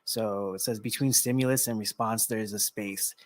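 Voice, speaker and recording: A man speaks softly and hesitantly as a guest, pausing often with ums as he reflects. His voice sits a little low. The recording is dry and close. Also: fairly even intonation, dry recording. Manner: soft-spoken, hesitant, many ums. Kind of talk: reflective conversation.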